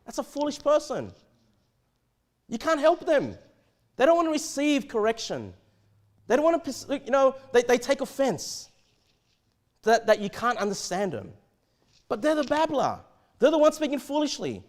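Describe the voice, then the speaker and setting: A man with an Australian accent preaching a sermon in a church, conversational and animated, often stammering and restarting his sentences. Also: very high voice, normal speed, long pauses. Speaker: pastor.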